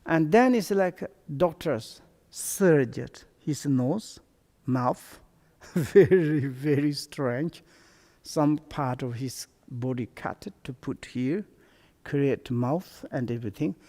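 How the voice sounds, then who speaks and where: A man, a Buddhist teacher whose first language is Tibetan, giving a dharma teaching in halting, broken English with frequent restarts. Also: mid-range voice, lively intonation, dark tone. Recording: long hall reverb.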